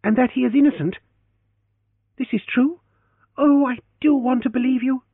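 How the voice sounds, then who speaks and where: Casting: man doing a high-pitched spitfire young woman, storybook reading, tinny dry recording. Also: steady tone, moderate pace, no echo. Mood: pleading. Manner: flashing, accusing, then faltering. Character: fiery proud young woman, quick to anger.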